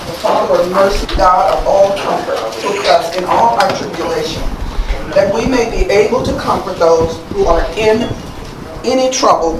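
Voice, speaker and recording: Man reading scripture aloud, high voice, far from the mic, echoey room, background noise. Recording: roomy, distant, noisy room mic.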